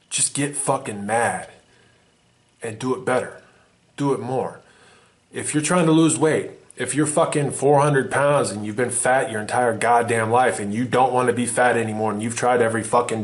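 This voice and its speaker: A man giving a blunt, swearing motivational monologue to the camera as a vlogger. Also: mid-range voice. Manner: intense, profane, emphatic.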